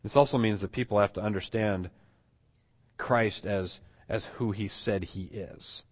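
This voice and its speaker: A man's voice: lowish voice, steady tone, unhurried. A man preaching a sermon, teaching emphatically and often restarting his phrases. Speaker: pastor.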